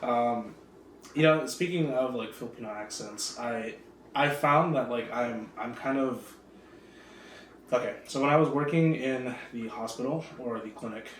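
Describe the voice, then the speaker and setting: A young man hosting a podcast, upbeat and animated, laughing easily as he chats. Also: mid-range voice, unhurried, slight background noise. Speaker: podcast host. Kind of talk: casual chat. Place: podcast studio room. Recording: roomy audio from a distant camera mic.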